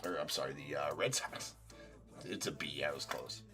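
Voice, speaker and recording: A man's voice: rumbling low, normal speed, over music. A man hosting a live-streamed card break, rattling off teams and names and joking with viewers. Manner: chatty, rattles off team and name lists, jokes with viewers.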